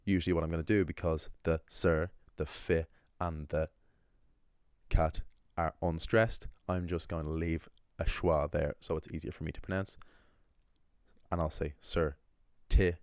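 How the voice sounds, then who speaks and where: An Irish man teaching a language lesson in a relaxed, thinking-aloud way, with ums and quick self-corrections. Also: rumbling low, clear, resonant tone, no room sound, studio quality. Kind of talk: casual explainer lesson.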